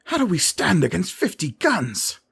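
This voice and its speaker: A man's voice: mid-range voice, sing-song, unhurried, bright, forceful tone, breathy edge, pitched above the performer's own voice, full character voice. A man voicing a frightened male airship gunner who gasps out his fears. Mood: afraid. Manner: gasping, fearful.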